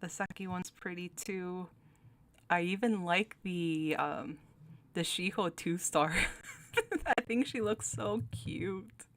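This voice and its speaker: A woman's voice: on the low side, slow. A young woman hosting her channel, chatting casually while ranking game cards, giggling often and talking with many fillers and restarts. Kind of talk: casual commentary.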